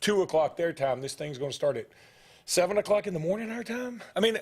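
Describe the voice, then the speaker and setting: A man hosting casual sports talk, animated and restarting his sentences as he pushes his point. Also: sits high, a little fast, husky. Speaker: sports radio host.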